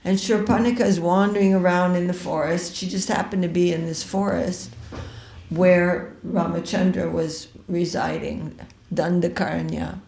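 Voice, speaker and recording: A woman's voice: on the low side, steady tone, moderate pace, gravelly, a little mellow. A woman retelling a sacred story in a chatty, digressive way, often correcting herself. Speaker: devotional reader. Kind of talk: storytelling scripture reading. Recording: echoey room with faint hiss.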